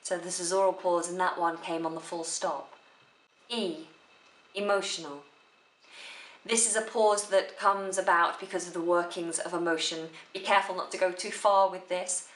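A woman giving a spoken theory lesson for a drama exam, explaining slowly and deliberately. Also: fairly low pitch, fairly even intonation, a bit bright. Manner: slow, careful, deliberate delivery. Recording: echoey room.

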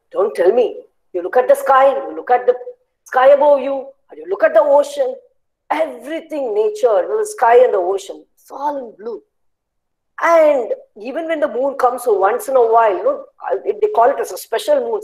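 A woman's voice: on the high side, a little mellow, close to an everyday voice, low-quality recording. A woman voicing Blue, a personified color who brags about the sky and ocean. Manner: boasting, self-praising. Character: boastful personified color Blue, calm and proud.

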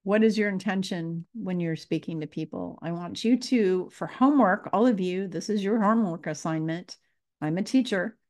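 A woman's voice: on the low side, normal speed, darkish tone. A woman spiritual teacher talking to her viewers, earnest and repeating her questions. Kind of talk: casual spiritual talk to camera.

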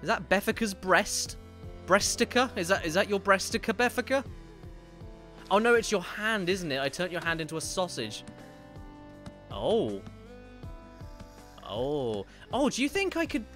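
Animated joking game streamer man. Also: high voice. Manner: joking, self-deprecating, reads out donations. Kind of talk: live game stream commentary.

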